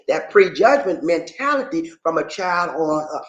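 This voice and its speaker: A man hosting his own show, explaining things to viewers casually in an animated, playful way and teasing the audience. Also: high-pitched, a little slow, hardly any pauses, highs cut off. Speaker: host. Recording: echoey room.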